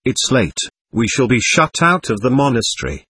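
Spiteful young man; male narrator doing him, sneering, lively delivery. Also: medium pitch, moderate pace, slightly rough, dry recording, studio quality, full character voice. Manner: venomous, sneering.

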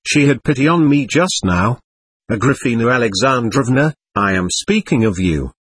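A man voicing a gentle, earnest young novice monk who speaks firmly. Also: mid-range voice, expressive, moderate pace, slightly rough, no room sound. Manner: firm and earnest.

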